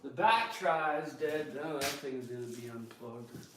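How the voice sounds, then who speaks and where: A man's voice: mid-range voice, unhurried. A man talking crudely and jokingly to himself while working on a skid steer in his shop, grumbling and ranting as he goes. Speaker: vlogger. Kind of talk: casual workshop vlog. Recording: roomy and distant, noisy background.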